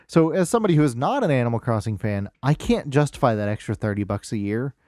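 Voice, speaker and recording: A man co-hosting a video game podcast in a mid-pitched, even voice. He speaks in a measured, hesitant way and often stops on fillers. The recording is dry and close. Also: dry recording. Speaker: podcast co-host. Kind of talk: casual chat about video game news.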